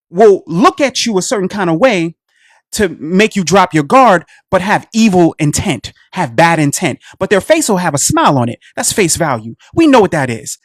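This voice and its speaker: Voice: medium pitch, dry recording, clean studio sound. A radio show host delivering a heated solo commentary, preaching to listeners he calls family, repeating phrases and firing rhetorical questions.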